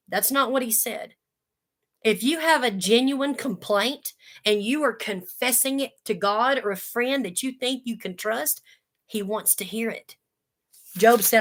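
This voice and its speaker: A woman's voice: medium pitch, normal speed, fairly bright tone. A woman giving a casual Bible study talk, conversational and earnest, with folksy asides. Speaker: Bible teacher.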